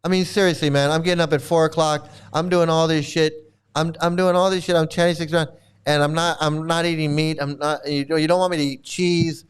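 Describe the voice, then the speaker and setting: A man chatting casually and rambling, swearing freely, often laughing and mimicking others in quick asides. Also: fairly high pitch, little pitch movement, clear, resonant tone. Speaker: streamer answering chat. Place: home in Thailand.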